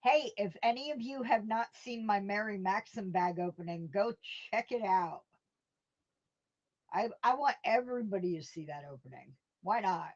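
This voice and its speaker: Over dull, lo-fi stream audio, a woman rambles through stories at home and responds to her chat with chuckles. She speaks at a medium pitch and a normal speed.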